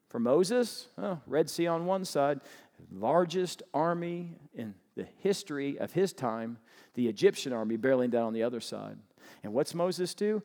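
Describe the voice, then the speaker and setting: A man preaching a sermon as pastor, animated and humorous, firing rhetorical questions at the congregation. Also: mid-range voice, long reverb tail.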